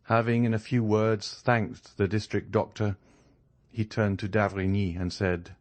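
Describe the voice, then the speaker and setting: A man narrating a classic novel audiobook in a measured, even reading. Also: fairly low pitch. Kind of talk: scripted narration.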